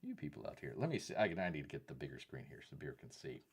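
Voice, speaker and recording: A man with a very deep, breathy-edged voice and a Southern accent hosts a casual live stream at a quick pace, very animated. He rambles, reads out viewer chat messages, and refers to himself by a nickname in the third person.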